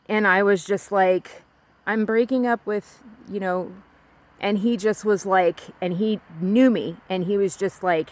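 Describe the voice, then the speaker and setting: A woman's voice: medium pitch, moderate pace. A young woman from California telling a personal story alone, rambling and confiding, with many restarts and fillers. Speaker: podcast host.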